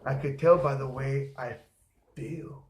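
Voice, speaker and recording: In an echoey room, a man tells rambling, profane stories in casual chat, doing other people's voices along the way. He speaks in a steady, unhurried, mid-range voice.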